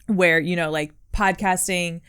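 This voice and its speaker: A woman's voice: fairly low pitch, steady tone, unhurried, a bit bright, clear, resonant tone. A young adult woman co-hosting a podcast, chatting casually in an earnest, encouraging way, full of "like" and "um". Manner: earnest, encouraging, heavy use of "like" and "um". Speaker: podcast co-host. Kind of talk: casual chat.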